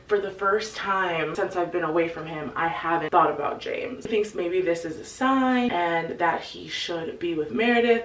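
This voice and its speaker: A woman casually retelling a book's plot to her viewers in a chatty, animated way, full of "like"s and an occasional curse word. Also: fairly low pitch, distant mic. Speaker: book recap video host. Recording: echoey room, voice away from the mic.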